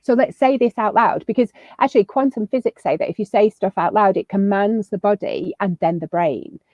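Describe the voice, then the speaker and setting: A woman's voice: medium pitch, brisk, a little mellow, no room sound. Chatty woman on a call. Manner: chatty, upbeat, many fillers and restarts. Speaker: parenting and education guest. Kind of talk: casual advice chat. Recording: slightly muffled lo-fi audio.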